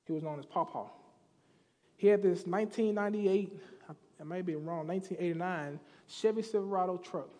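A man with a high, dark voice preaches fairly quickly in a church sanctuary, the sound filling a big room. His sermon is storytelling, casual and slangy, as he acts out characters in slang voices.

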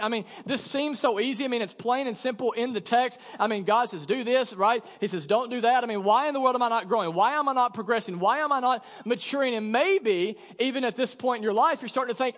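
Guy in his 30s preaching, high voice, animated storytelling that gets loud and worked up, big church reverb. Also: fast, few pauses. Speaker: pastor. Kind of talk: sermon. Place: church sanctuary. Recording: long reverb of a church hall.

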